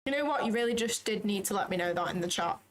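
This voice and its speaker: A woman's voice: mid-range voice, expressive, background noise. A woman with a Manchester-area accent hosting a trading livestream, chatting and teasing casually. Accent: Manchester area, Northern English. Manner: chatty, teasing, quick to laugh.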